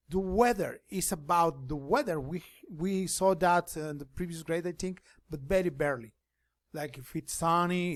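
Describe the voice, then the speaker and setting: A man teaching an online class, explaining things slowly and switching between English and Spanish. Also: a little high, no room sound.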